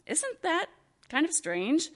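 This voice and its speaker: A woman pastor giving a sermon, with slow, expressive preaching and rhetorical questions. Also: sits high.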